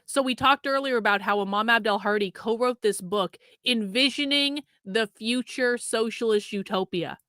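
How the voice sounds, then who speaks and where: A fairly high, bright-toned woman with a crisp, clean voice lectures her livestream audience in a profane, ranting commentary. The sound is dry and close, with no room around it. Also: normal speed, hardly any pauses, dry recording. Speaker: political streamer host.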